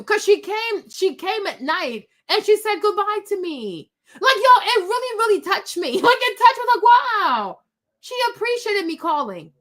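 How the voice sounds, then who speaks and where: A middle-aged woman with a high voice tells a personal story straight to her viewers. She talks in a chatty, animated way, full of asides and quick turns back to her listeners. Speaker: host.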